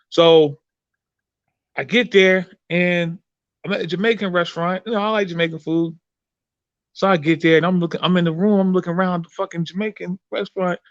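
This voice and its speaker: A man hosting a podcast, telling a story in a profane, animated way with many restarts. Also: fairly high pitch, no echo, highs cut off. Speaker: podcast host and performer. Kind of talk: casual chat, storytelling.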